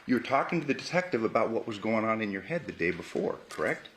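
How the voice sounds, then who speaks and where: A man's voice: on the low side, sing-song, quick pace, a bit bright, slight background noise. A man, a defense attorney, cross-examining a witness in a courtroom, pressing with short questions that end in "correct?". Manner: pressing, repeats "correct?" to pin down answers.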